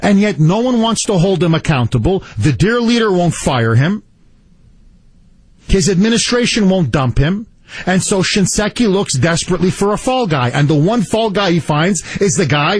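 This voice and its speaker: Male talk radio host, high lively voice, husky edge, indignant and emphatic monologue, dry close sound. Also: normal speed, no echo.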